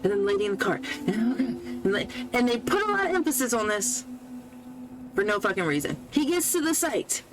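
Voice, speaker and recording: Brief: woman podcast host, sarcastic and foul-mouthed, animated delivery. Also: medium pitch, quick pace, slight background noise, poor audio. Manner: profane, sarcastic, laughs often. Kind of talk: casual movie recap while playing a video game.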